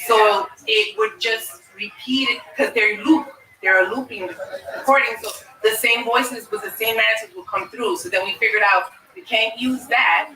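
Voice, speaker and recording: A woman who investigates the paranormal, explaining her team's methods in a quick, matter-of-fact way during a live interview at a fair. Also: fairly high pitch, bright, forceful tone. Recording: echoey, distant from the mic, faint noise.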